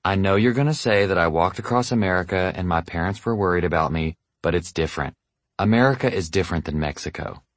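A worried, devout mother with a Southern US accent, as a man puts her on, fretting over her grown son. The voice stays low and sounds close and dry. It is an audiobook story. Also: fast, no echo, close to an everyday voice. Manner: anxious, pleading, then forbidding.

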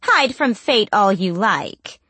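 A woman's voice: medium pitch, big pitch swings, slow pace, bright, forceful tone, slightly rough, dry recording, voice pushed up, exaggerated voice. A woman voicing an old crone witch who tells fortunes, sly and menacing, with a crooning, taunting manner.

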